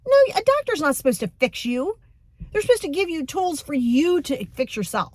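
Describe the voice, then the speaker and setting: Young woman podcast host, coach type; candid, animated, fairly high voice, dry recording. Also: moderate pace, no room sound. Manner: blunt, animated, acts out quoted voices. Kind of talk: casual motivational podcast talk.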